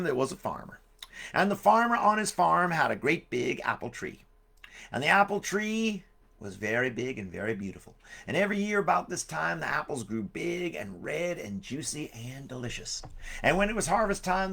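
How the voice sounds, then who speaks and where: A man's voice: on the high side, big pitch swings, normal speed, creaky, bright, forceful tone. A man storyteller on a live stream, joking and wandering off into funny asides. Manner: jokey, rambling asides.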